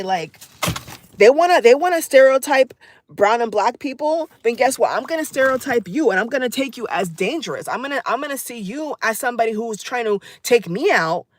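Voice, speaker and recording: A woman's voice: a little high, dry recording, studio quality. A woman vlogger delivering an angry, emphatic political rant to her viewers, repeating phrases for stress and calling them "guys.". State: angry and upset.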